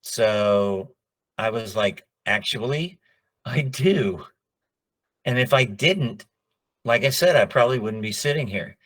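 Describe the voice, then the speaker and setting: Slow-talking man telling career stories. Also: medium pitch. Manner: animated, acts out quoted dialogue. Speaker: voice actor guest. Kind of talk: casual interview storytelling.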